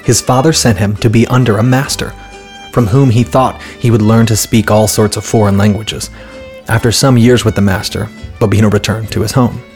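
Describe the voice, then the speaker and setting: A man reading a fairy tale aloud in a calm, steady storybook narration, with light voices for the characters. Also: fairly low pitch, normal speed, soft background music.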